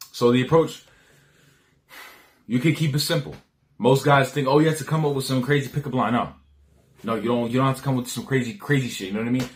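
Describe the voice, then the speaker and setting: Slangy man rambling dating advice. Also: mid-range voice. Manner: rambling, frequent restarts, slangy and profane; acts out dialogue lines. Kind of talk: casual advice monologue.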